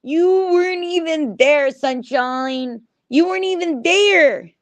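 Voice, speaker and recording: A woman chatting casually on a livestream, animated and swearing freely as she talks back to her chat. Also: very high voice, slow pace, no echo. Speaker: livestream host.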